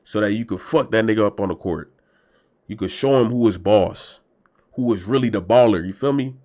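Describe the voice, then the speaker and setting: A young man hosting a reaction video, talking in loud, emphatic slang and swinging between shouts and mutters. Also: on the low side, a little fast. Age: young adult. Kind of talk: casual reaction commentary.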